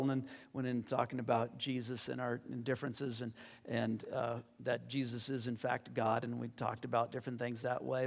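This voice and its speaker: Earnest pastor preaching in a reverberant hall. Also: male voice, mid-range voice. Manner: earnest, conversational storytelling with fillers. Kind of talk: sermon with closing prayer.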